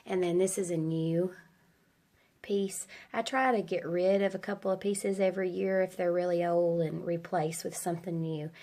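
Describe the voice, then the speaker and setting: A woman's voice: lowish voice, fairly even intonation, normal speed, dark tone. A woman in her forties with a stuffy head cold, chatting casually as she shows her home and rambles with a few ums. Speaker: homeschooling mom vlogger. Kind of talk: casual home-tour chat. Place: her own house, indoors.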